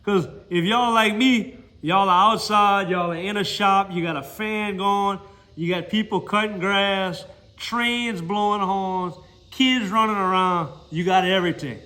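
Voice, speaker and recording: A man with a Mississippi accent and a fairly high voice, chatting folksy and direct to viewers as he reviews a product. He talks from a hot mechanic shop. His voice is caught on a phone's built-in microphone. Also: unhurried, pushed and bright. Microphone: phone's built-in mic.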